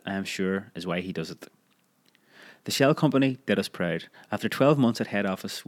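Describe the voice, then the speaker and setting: A man narrating a memoir audiobook in a measured, expressive storytelling manner. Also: low-pitched.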